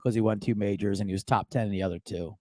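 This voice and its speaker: A man's voice: fairly low pitch, fairly even intonation, quick pace, a little mellow, dry recording, studio quality. A middle-aged man hosting a live sports betting show, rambling in a jokey, profane way. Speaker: sports betting podcast host. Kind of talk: casual live show chat.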